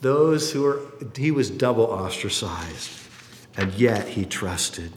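Animated preacher in an echoing hall. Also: male voice, lowish voice, takes it slowly. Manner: animated, acts out quotes. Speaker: pastor. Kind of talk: sermon. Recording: roomy hall reverb.

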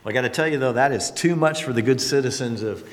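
A man preaching a sermon in a conversational, animated way with playful asides. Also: medium pitch, fast, big-room sound, a little hiss or hum. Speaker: pastor.

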